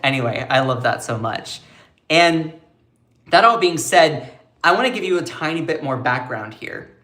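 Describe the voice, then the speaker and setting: A man hosting a live stream, talking in an animated, sarcastic way and acting out the quotes he retells. His voice sits a little high for a man. The sound has the echo of a bare room. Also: moderate pace. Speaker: political commentary host. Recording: echoey room.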